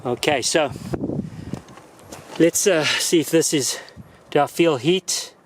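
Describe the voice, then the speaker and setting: A man's voice: on the high side, slow, background noise. A man vlogging outdoors on a mountainside, casually reviewing gear in a folksy, joking, chatty way.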